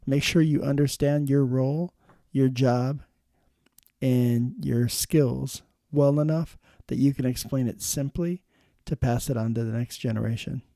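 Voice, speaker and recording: A man's voice: medium pitch, steady tone, unhurried, dark tone, dry recording, studio quality. A middle-aged man, an emergency nurse hosting a show, giving frank, plain-spoken advice in a casual monologue. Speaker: emergency nurse and podcast host.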